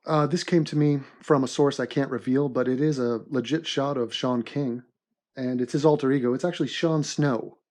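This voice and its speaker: A man hosting an animated comedy commentary in a mock-serious, deadpan sarcastic manner. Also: medium pitch, moderate pace. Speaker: host and narrator of an animated commentary.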